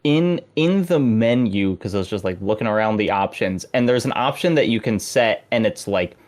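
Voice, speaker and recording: A man on a podcast panel chatting casually about a game, in a relaxed, amused way with trailing asides. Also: on the low side, normal speed. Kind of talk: casual chat.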